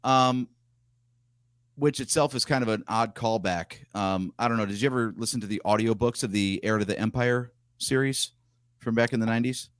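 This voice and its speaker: A man's voice: lowish voice, moderate pace, clean tone, no room sound, studio quality. A man co-hosting a casual fan podcast, talking in a chatty, opinionated way. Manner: chatty, opinionated, shares pictures on screen. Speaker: podcast co-host. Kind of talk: casual chat.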